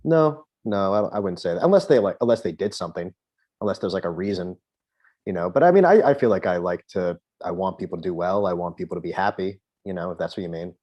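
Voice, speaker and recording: Deep-voiced, offhand comedy writer. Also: male voice, lively intonation, quick pace, a little mellow. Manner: sarcastic, offhand, low-key. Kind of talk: casual chat.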